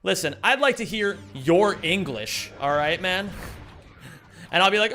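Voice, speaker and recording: Male streamer, slightly high voice, bright, joking and profane in casual viewer chat. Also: unhurried, a little hiss or hum. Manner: joking, excitable banter, swears freely. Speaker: live streamer. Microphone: streaming microphone.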